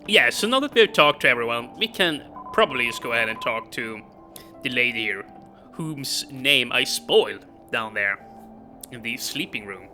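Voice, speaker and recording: Bright-voiced chatty gamer reading along. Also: male voice, mid-range voice, expressive, normal speed, soft background music, low-quality recording. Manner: chatty, laughs often, reads game text aloud. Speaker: let's play gamer. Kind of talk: casual game commentary.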